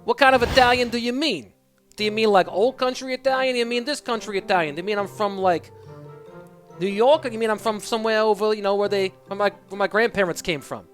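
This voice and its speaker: A young male caster calls an esports match live, trading casual, joking banter with his chat. His voice sits high for a man, with clear music running behind. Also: fast talker, fairly bright tone. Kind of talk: live stream game commentary.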